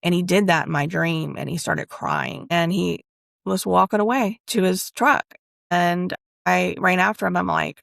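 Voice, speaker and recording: A woman's voice: on the low side, lively intonation, normal speed, creaky, no echo, clean studio sound. A woman hosting a spiritual reading channel, telling a personal story in a rambling, candid way and speaking aloud to spirit as she channels messages. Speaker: spiritual reader and channel host.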